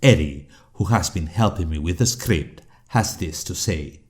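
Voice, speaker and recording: A man whose first language is Spanish, narrating a video essay with dry, critical, measured delivery. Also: sits low, expressive, darkish tone, faint music behind. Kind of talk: scripted narration.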